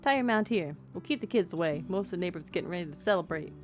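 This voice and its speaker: A cheerful, proud village guard from a video game speaks up with a put-on southern drawl, as a woman puts him on. The voice sits fairly low and lands with a bit of extra push. Soft guitar music plays faintly behind him. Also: lively intonation, fast, natural voice. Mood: welcoming.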